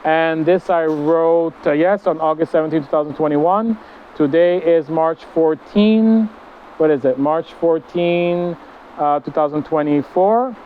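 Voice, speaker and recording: A man's voice: fairly high pitch, a little slow, lo-fi sound, slight background noise. Chatty man vlogging outdoors. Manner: meandering, chatty, many fillers. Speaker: spiritual vlogger. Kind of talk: casual spiritual vlog. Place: outdoor deck with hammocks.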